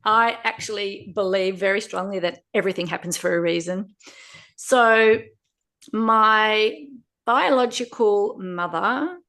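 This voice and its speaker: A woman, a podcast guest telling her own story in a lively way with frequent laughter. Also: mid-range voice. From Australia. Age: 50s. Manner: animated, laughs often while telling a story. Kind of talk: personal storytelling interview.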